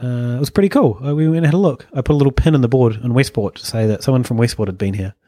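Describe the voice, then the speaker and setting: A man in a relaxed podcast chat, talking in loose, rambling bursts and stopping to correct himself. His voice sits at an ordinary middle pitch. The sound is close and dry, with no room around it. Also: racing, dry recording. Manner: rambling, self-correcting, laughs often. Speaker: podcast co-host. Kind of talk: casual chat.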